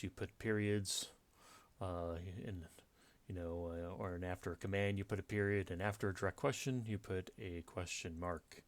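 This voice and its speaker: A man explaining punctuation rules in a casual lecture, relaxed and explanatory, with frequent fillers and restarts. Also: low-pitched. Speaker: writing teacher.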